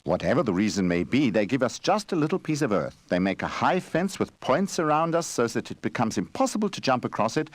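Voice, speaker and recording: A man voicing an old wandering bear who speaks loudly and earnestly in a storybook game. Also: medium pitch, sing-song, fairly quick, hardly any pauses, no room sound, pitched above the performer's own voice. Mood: urgent. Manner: loud, urgent speech.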